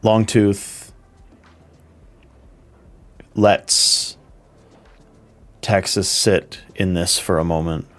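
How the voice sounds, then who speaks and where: A man narrating as game master in a slow, measured, descriptive way. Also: low voice, steady tone, faint music behind.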